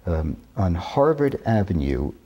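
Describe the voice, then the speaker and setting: Brief: husky-voiced man, 60s, interview guest, lively, lowish, careful deliberate delivery. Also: muffled recording. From New York. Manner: measured, deliberate, careful diction. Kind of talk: reminiscing interview talk.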